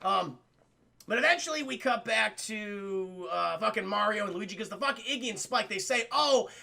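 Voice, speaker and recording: Male streamer, casual sarcastic film recap, profane; high, gravelly. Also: animated, normal speed, sharp tone. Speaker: film reviewer streaming to a live chat. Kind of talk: casual commentary.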